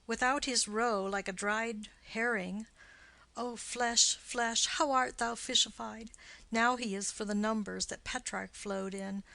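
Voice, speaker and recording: Audiobook: woman voicing a sharp-tongued young nobleman, teasing and playful, dry close sound. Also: a little high, steady tone, unhurried, creaky, no echo, heavily acted. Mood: mocking. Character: witty, mocking young male nobleman.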